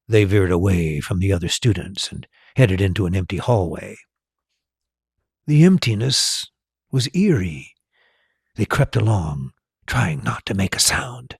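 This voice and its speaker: A man narrating a story slowly and with animation, as a storyteller and tour guide. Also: deep voice, lively intonation, vocal fry, slightly rough, dry recording, studio quality.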